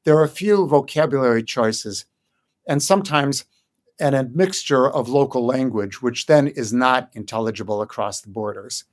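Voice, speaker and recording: An older man from Chicago, a guest scholar in an interview, explaining in a thoughtful way with frequent ums and pauses. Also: medium pitch. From Chicago, United States. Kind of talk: conversational interview.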